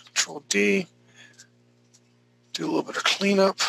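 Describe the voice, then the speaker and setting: Gravelly man walking through a drawing demo. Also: sits high, fairly even intonation, a little slow, sharp tone, low-quality recording. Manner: easygoing and joking, talks through each step. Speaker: drawing instructor. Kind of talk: live drawing demonstration.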